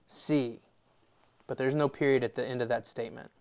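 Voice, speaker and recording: A pastor delivers a sermon in a relaxed, conversational way. He keeps to a middle pitch. He tells stories and mixes in small asides. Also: moderate pace. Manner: conversational, storytelling with voiced quotes and laughs.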